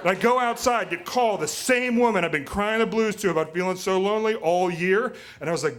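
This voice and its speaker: A man tells a personal story live on stage with wry, profane, self-mocking humor. His voice sits a little high for a man. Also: brisk, hardly any pauses.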